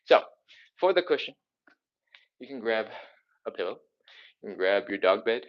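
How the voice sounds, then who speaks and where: A man's voice: on the low side, very animated, moderate pace, highs cut off. A man leading a live follow-along stretching workout, upbeat and encouraging, counting reps and a little out of breath as he moves. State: slightly out of breath from exercising. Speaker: mobility and stretching instructor.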